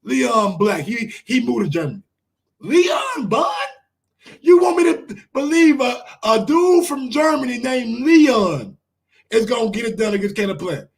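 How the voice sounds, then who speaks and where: A man with a strikingly high voice and a New York accent hosts a casual sports live stream. He rants in an animated way and keeps throwing rhetorical questions at his audience. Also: moderate pace, vocal fry. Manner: animated, ranting, asks the chat rhetorical questions. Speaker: sports show host.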